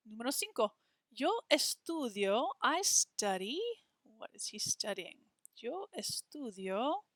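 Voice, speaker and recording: A woman teaches a Spanish lesson at an unhurried pace, spelling each word letter by letter. She repeats words slowly so their stress can be heard. The recording is close and dry, with no room sound. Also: medium pitch, a bit bright, dry recording. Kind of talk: textbook walkthrough lesson.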